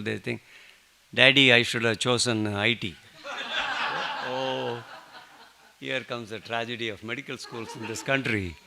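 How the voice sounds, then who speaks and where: A man leading a satsang, telling a devotional story with lively joking asides. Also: medium pitch, creaky, slight background noise. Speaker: satsang speaker.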